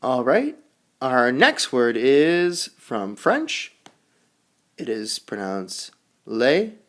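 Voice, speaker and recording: A man teaching English vocabulary, leading a call-and-repeat drill with slow, exaggerated enunciation. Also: medium pitch. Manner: animated, sing-song teacher delivery. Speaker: ESL teacher.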